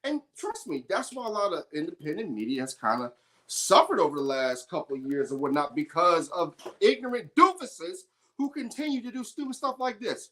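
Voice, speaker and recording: A woman's voice: lowish voice, lively intonation, normal speed, fairly bright tone. A woman hosting an independent sports show, delivering a heated, emphatic opinion monologue.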